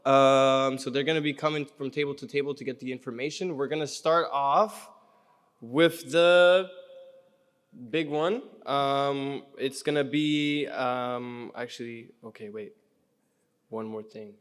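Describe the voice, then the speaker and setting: A man's voice: medium pitch, steady tone, unhurried, clear, resonant tone. A young man from Canada hosting a gala, doing stand-up and running an auction, teasing the crowd with energy. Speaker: comedian and gala host. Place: large reverberant banquet hall. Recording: echoey hall sound.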